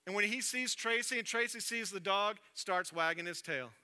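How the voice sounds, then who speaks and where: Preacher guy, high bright voice, smooth and clear, lively storytelling sermon. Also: moderate pace. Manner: animated storytelling, dropping soft and low for emphasis. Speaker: pastor. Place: church sanctuary. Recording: long reverb of a church hall.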